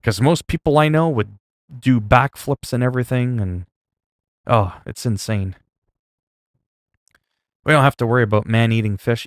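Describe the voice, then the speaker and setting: A man's voice: medium pitch, no echo, studio quality. A man chatting casually on a livestream at home into a desk mic, rambling and self-mocking with lots of fillers.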